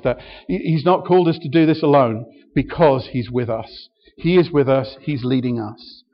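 A man with a fairly high voice preaches in a church, earnest and building in emphasis as he goes. The recording is dull and muffled. A long reverb hangs after his words. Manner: earnest, with frequent restarts and rising emphasis. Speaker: pastor. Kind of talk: sermon. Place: church hall.

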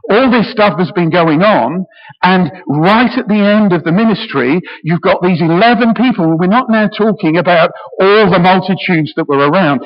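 Preaching with passion and feeling, this middle-aged man from Britain frequently repeats his words through the sermon. He speaks at normal speed in a high voice, heard in an echoey hall with dull sound.

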